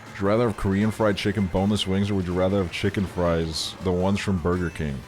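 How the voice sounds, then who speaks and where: A man's voice: sits low, little pitch movement, quick pace, faint music behind. A young man streaming, chatting casually with his viewers, swearing often and sounding exasperated in a joking way. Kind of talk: casual chat.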